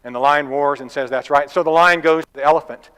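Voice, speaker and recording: A man's voice: on the high side, fairly even intonation, quick pace, fairly bright tone, clean tone. A man preaching a sermon in a church, talking in a conversational, folksy way with asides and a told fable. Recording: long reverb of a church hall.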